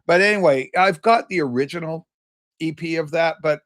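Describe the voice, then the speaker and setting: A man hosts a loose, casual livestream and talks on in a rambling way. He greets viewers by name and reads their comments aloud. His voice sits fairly high. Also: moderate pace, fairly bright tone. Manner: loose and chatty, with many fillers and restarts. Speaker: livestream host.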